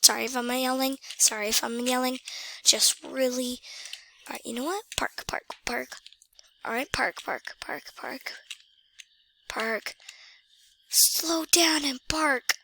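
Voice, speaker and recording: Woman, high lively voice, slow talk, gameplay chatter, mutters and exclaims. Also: creaky. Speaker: gamer playing a driving game. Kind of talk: casual gameplay commentary.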